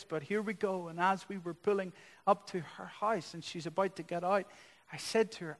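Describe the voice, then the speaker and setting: A man preaching a sermon as a pastor, building to loud, impassioned passages. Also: sits high, steady tone, normal speed. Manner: impassioned preaching that swells louder. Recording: long reverb of a large hall.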